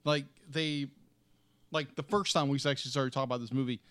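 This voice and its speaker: A man's voice: medium pitch, fairly even intonation, brisk, a bit bright, no room sound. A man co-hosting a casual movie review, gushing with enthusiasm and often restarting as he searches for words.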